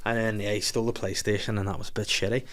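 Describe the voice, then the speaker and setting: A man's voice: on the low side, level tone, rapid-fire, a bit bright. A middle-aged man hosting a podcast, telling a rambling, jokey story in casual chat and acting out the voices of people he quotes. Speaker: podcast host.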